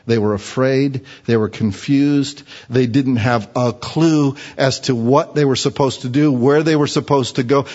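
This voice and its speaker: A man's voice: mid-range voice, a little mellow. A middle-aged man preaching a sermon, telling Bible stories with humor and acting out the scenes. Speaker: pastor. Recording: dull recording with long hall reverb.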